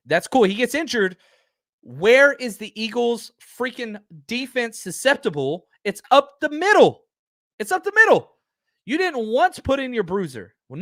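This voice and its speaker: A man's voice: sits high, fairly bright tone, no room sound, studio quality. A man hosting a live sports podcast, ranting in a heated, emphatic way and repeating his points. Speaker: podcast host. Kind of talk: fired-up live show rant.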